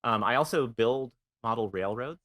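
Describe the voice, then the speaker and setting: A man's voice: mid-range voice, normal speed, bright, forceful tone. A man presenting slides on a casual podcast, talking with many ums and uhs. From San Francisco Bay Area. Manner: chatty, filler-heavy, plugging links. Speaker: guest presenter, model railroad builder.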